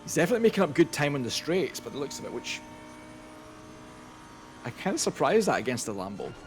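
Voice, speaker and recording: A man co-commenting a sim race, dry and measured. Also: fairly high pitch, sing-song, faint music behind.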